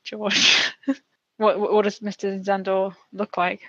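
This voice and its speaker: A woman's voice: medium pitch, level tone, takes it slowly, a bit bright, no echo, muffled recording. A woman playing a tabletop game, speaking politely with many stammers and restarts. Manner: polite, hesitant, stammering in character. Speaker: player. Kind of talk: tabletop role-play.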